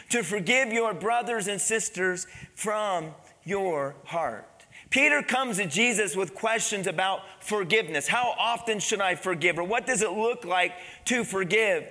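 A man's voice: high-pitched, bright, forceful tone. A man preaching a sermon in a conversational way, asking the congregation questions as he reads and explains a story. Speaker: pastor. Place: church sanctuary. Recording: long church reverb.

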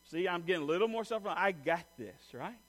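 A middle-aged man preaching a sermon, telling a funny personal story in an animated way and joking with the congregation. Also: high voice, fairly quick. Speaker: pastor.

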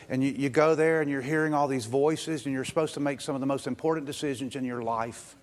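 A pastor preaching a lively sermon at a church service, with quick asides and frequent "um" fillers. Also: male voice, medium pitch.

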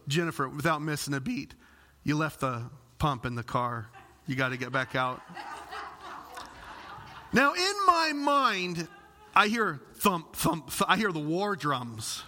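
A middle-aged male pastor preaching a sermon, telling a story with lively acted-out quotes and humor. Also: fairly high pitch. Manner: animated storyteller, acts out quotes.

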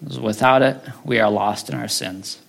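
A pastor giving a conversational sermon, often asking "right?" before closing in prayer. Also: male voice, medium pitch, steady tone, moderate pace, creaky, a bit bright. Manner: conversational, tags lines with "right?".

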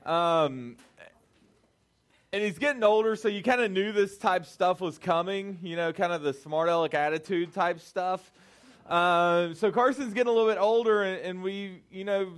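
A man preaching a relaxed, conversational youth-group sermon, often checking in with the listeners and restarting his phrases. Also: high voice. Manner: loose phrasing with restarts and fillers. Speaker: youth pastor.

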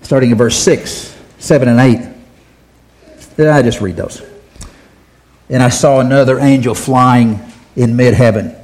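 A man preaching a sermon in a folksy way, his voice rising loud when he quotes scripture. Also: mid-range voice, a little slow, long pauses, rough recording. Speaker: pastor.

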